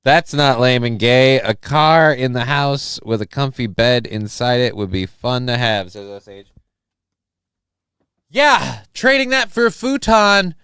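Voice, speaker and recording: A man's voice: mid-range voice, expressive, unhurried, fairly bright tone, smooth, dry recording, studio quality. A young man hosting a live stream, reading the chat and ranting in a crude, sarcastic, profane way. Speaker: livestream host reading chat.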